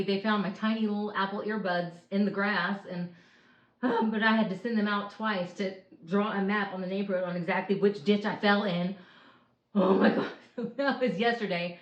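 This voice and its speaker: A woman in her thirties or forties vents at length from her couch, rambling and sighing as she talks to her viewers. Her voice sits mid-range for a woman, with a roomy echo around it. The home recording sounds dull and lo-fi. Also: medium pitch. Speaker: vlogger. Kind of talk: candid personal vlog.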